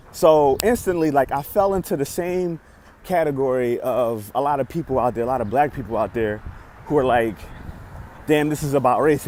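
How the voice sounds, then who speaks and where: A young man telling a story on his vlog, excitable and animated, swinging between loud outbursts and quiet asides as he acts out lines. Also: mid-range voice, slight background noise. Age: young adult.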